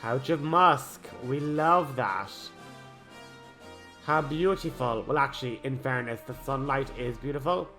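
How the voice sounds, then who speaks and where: A man, rambling excitably while he comments on a role-playing game. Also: mid-range voice, measured pace, soft background music. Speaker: let's play host. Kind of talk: gameplay commentary.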